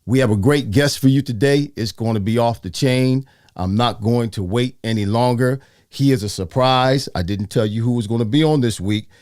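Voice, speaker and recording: An older man hosting a casual interview show, animated and repeating phrases for emphasis. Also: mid-range voice, normal speed, dry recording, studio quality. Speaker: host.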